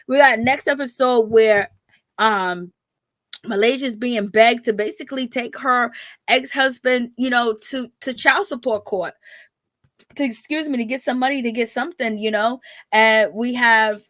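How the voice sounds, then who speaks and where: A woman's voice: fairly high pitch, fairly bright tone, no echo. A woman giving a casual gossip commentary as a reality TV recap vlogger, chatty and slangy, laughing often.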